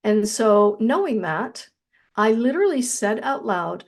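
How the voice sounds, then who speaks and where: A woman's voice: on the high side, sing-song. Earnest woman recounting a spiritual experience. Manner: earnest and reflective, slowing down on key phrases. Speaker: interview guest. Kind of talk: personal spiritual storytelling.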